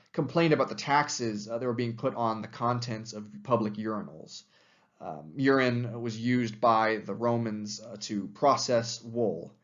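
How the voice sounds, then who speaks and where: A man's voice: mid-range voice, dull audio. A young adult man giving a recorded history lecture, talking casually with many fillers. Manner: casual, conversational with frequent fillers.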